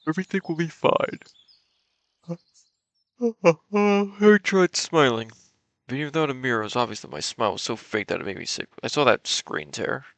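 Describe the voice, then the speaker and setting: A man's voice: fairly high pitch, expressive, normal speed, gravelly, fairly bright tone, dry recording. A young man streaming, reading a visual novel aloud dramatically and adding joking asides.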